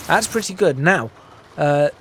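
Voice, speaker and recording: A man's voice: a little high, lively intonation, unhurried, fairly bright tone, a little hiss or hum. Chatty man commenting on a truck game. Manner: rambling and chatty, self-deprecating. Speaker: gaming video creator. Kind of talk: casual let's-play commentary. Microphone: desk microphone close to the mouth.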